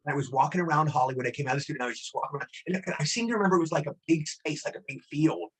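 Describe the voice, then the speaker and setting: A man in his sixties, a guest actor telling rambling, animated anecdotes in a casual interview. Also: a little high, racing, husky, rough recording. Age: 60s.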